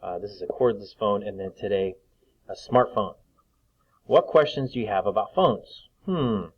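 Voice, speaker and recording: A man teaching young children to read, slowly sounding out letters and words with patience. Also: on the low side, dull audio. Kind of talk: reading lesson for young children.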